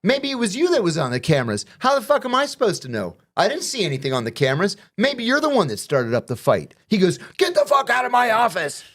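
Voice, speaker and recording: A middle-aged man telling stories in a loose, conversational way. His pitch swings widely as he acts out the quoted back-and-forth, and he swears freely. The delivery is lively and animated. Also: quick pace, few pauses. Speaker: guest telling prison stories. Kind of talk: casual storytelling conversation.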